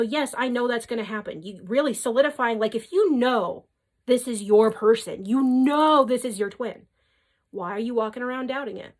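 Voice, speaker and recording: A woman casually giving spiritual relationship advice to her viewers, emphatic and chatty, often checking in with "right?". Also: a little high. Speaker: spiritual reader and coach.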